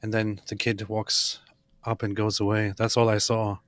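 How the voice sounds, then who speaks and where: A man's voice: on the low side, completely flat delivery, moderate pace, a bit bright, no echo. A male guest on a casual livestream, telling a story loosely and often restarting his words.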